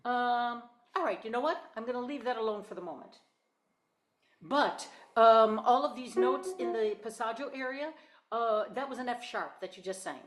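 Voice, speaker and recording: A woman's voice: on the high side, moderate pace. A woman teaching a one-on-one singing lesson, explaining exercises and demonstrating them in an encouraging way. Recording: echoey room with piano.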